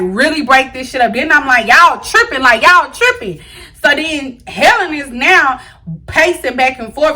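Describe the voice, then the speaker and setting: A young woman vlogger tells a storytime tale straight to her viewers. Her voice sits high and sounds bright. She talks in an animated, slangy way and addresses the audience directly. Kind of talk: storytime vlog.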